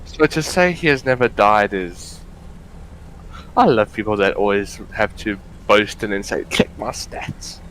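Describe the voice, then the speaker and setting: A man streaming a flight sim, talking into a headset with dry, wry asides. His voice sits a little low, with a faint hum behind it. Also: lively intonation, a little slow, a bit bright, poor audio. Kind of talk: casual gaming chat.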